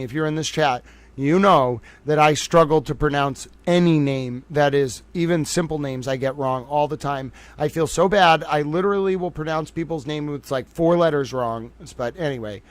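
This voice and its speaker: A man's voice: a little high, no echo. A man hosting a casual livestream and commenting on a court case, rambling and joking about himself. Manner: rambling, chatty, self-joking. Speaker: livestream host covering a trial.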